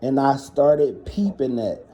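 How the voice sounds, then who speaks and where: A man's voice: mid-range voice, lively intonation, slow, mellow, slight background noise. A man telling personal stories in a casual monologue, blunt and heavily profane as he vents. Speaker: storyteller.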